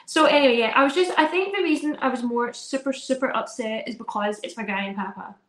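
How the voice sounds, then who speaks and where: A woman in her thirties chatting casually as a podcast co-host, telling animated stories and acting out her kids' voices. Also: a little high, quick pace, reverberant. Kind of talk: casual chat.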